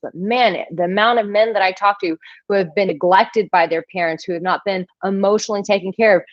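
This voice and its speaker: A woman's voice: medium pitch, dry recording. Woman coach doing a live q&a, chatty and blunt, laughs a lot, dull dry webcam sound. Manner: animated, frank, laughs often. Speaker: dating coach. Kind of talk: live Q&A reading viewer comments.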